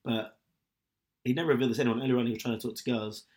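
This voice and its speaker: A man in casual podcast chat, spinning out a story at an ordinary middle pitch. He rambles, piles on filler words and restarts sentences as he goes. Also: steady tone, racing, darkish tone.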